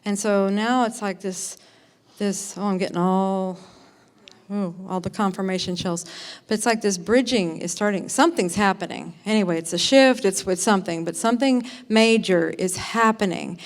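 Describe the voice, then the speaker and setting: Excited, rambling woman introducing a speaker. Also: medium pitch, normal speed. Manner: rambling, excited, many fillers and restarts. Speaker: conference organizer introducing a speaker. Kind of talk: live introduction at a conference. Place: conference hall, in front of an audience.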